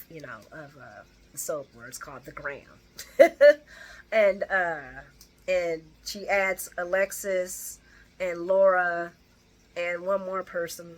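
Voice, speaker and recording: A woman's voice: lowish voice, slight background noise. A woman casually recapping a soap opera episode, rambling with restarts and asides. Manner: chatty, rambling with frequent restarts and laughs.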